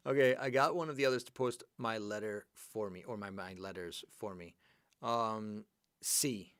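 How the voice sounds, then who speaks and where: A man's voice: fairly low pitch, moderate pace, smooth, no echo, clean studio sound. Upbeat chatty male English teacher. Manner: lively, upbeat, chatty, praises students by name. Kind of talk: live online class, going over exercises.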